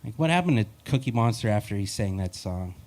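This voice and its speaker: A man's voice: fairly low pitch, expressive, fast, darkish tone. A man doing a live stand-up set, telling rambling, wry and self-deprecating stories. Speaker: stand-up comedian.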